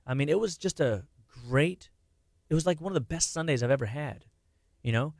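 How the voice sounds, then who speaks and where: A middle-aged man holds forth on a radio health show. He is lively and quick, full of restarts and repeated words. His voice sits a little high for a man and sounds close and dry at the microphone. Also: no room sound. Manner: animated, talks fast with many restarts and repeated words. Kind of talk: casual radio health talk.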